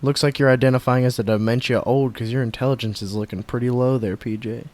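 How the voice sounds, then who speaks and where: A man's voice: medium pitch, fairly even intonation, quick pace, a little mellow. A man co-hosting a casual comedy podcast, playful and teasing. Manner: playful, teasing, bursts of laughter. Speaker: podcast co-host.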